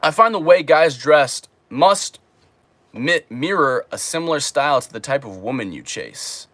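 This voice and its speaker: A man's voice: a little high, a little slow, no room sound. A young man hosting a casual livestream, reading viewer questions and joking as he answers. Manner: relaxed and joking, reads viewer questions aloud. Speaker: livestream host reading chat. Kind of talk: casual live-stream chat. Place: home streaming room in Japan.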